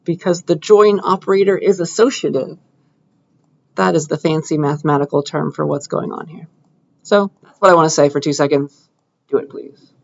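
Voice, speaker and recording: A man with a fairly high, creaky voice speaks at normal speed over lo-fi sound. He's a computer science lecturer giving a classroom programming lecture, coding live, talking casually and checking in with students often.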